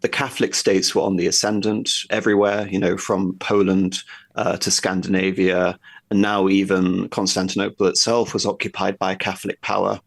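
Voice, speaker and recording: A man's voice: low voice, level tone, moderate pace, gravelly. A man talking at length as a guest in a history conversation, explaining in a discursive, lecturing way and thinking aloud as he goes.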